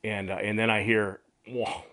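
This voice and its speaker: A man's voice: on the low side, moderate pace. A middle-aged man telling a hunting story in a casual chat, acting out quotes and laughing often. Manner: animated, laughing storyteller who acts out quotes. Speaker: radio show host, hunting guide.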